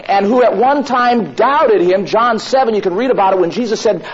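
A man's voice: high voice, animated, quick pace, hardly any pauses. A man preaching a sermon, emphatic, who repeats his key lines for stress. The recording sounds dull and lo-fi, with faint noise behind him.

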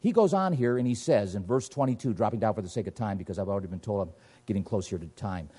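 A man's voice: animated, fast talker, warm tone, husky. A man preaching a sermon, emphatic, firing rhetorical questions and reading scripture aloud. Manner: emphatic, rhetorical questions, sweeping pitch swings.

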